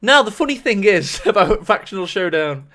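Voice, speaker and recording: A man casting a strategy game match, excitable and jokey, his voice rising to shouts at the big plays. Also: high voice, moderate pace. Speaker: game caster. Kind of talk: energetic esports commentary.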